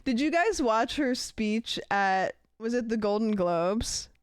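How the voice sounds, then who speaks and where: A woman's voice: a little high, lively intonation, slow pace, clean tone, no echo, studio quality. A young woman chatting casually on a live stream, giggling often and reacting aloud to clips.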